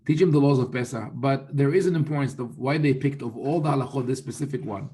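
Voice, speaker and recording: In a warm, medium-pitched male voice, a rabbi teaches about religious texts, taking his time and reflecting thoughtfully. He frequently begins sentences again and brings in Hebrew quotations.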